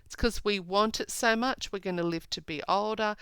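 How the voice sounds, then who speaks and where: A woman teacher giving a poetry analysis lesson, slowly rereading lines and drawing out their meaning. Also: medium pitch, fairly bright tone, smooth, no room sound, rough recording. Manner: slow, deliberate, rereads lines aloud. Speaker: English teacher.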